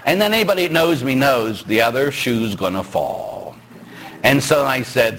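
Husky catholic priest preaching, jokey and chatty, voice jumping all over, lots of questions at the crowd. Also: male voice, medium pitch, expressive, normal speed. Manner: conversational, joking preaching with rhetorical questions; bursts into shouting when acting out stories. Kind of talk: sermon.

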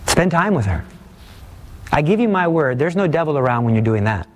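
A man preaching a sermon, earnest and impassioned, slowing down to stress key points and pressing his listeners with pleading questions. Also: on the high side, big pitch swings. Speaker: Catholic preacher.

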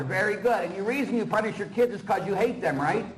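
A middle-aged man, a priest, preaching a sermon in a teasing, animated way, acting out little dialogues. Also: high-pitched, fast talker, hardly any pauses, poor audio.

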